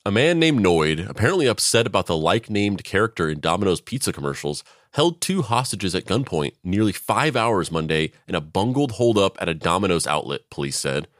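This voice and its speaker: Man, low voice, dry close sound, casual podcast co-host, laughing, high-pitched quotes. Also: sing-song, fairly quick, hardly any pauses, a bit bright, no echo.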